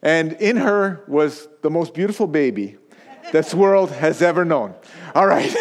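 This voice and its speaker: Pastor guy in his fifties, fairly high voice, chatty sermon style, keeps asking "okay?". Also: animated, measured pace. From Pakistan. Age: 50s. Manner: storytelling, laughs often, checks in with "okay?".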